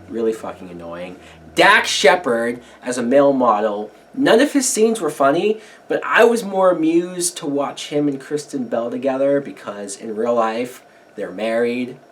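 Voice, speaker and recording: Casting: young male reviewer, profane sarcastic rant with a swinging, animated pitch. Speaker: movie reviewer. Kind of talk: ranting film review.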